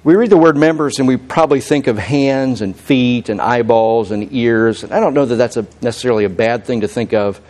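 A man preaching a sermon as pastor, conversational, with frequent restarts and self-corrections, climbing loud and high when he quotes God's voice. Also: brisk, hardly any pauses.

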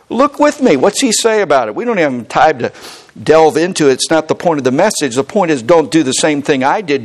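A middle-aged man preaching a sermon as pastor, emphatic and animated, often acting out the people he quotes. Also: on the high side, a little fast.

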